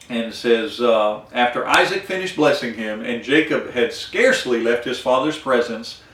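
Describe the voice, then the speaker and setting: A man's voice: medium pitch, reverberant, distant mic. Folksy man retelling Bible stories. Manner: folksy, animated storytelling with many fillers. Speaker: Bible study teacher. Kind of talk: retelling scripture with acted-out dialogue.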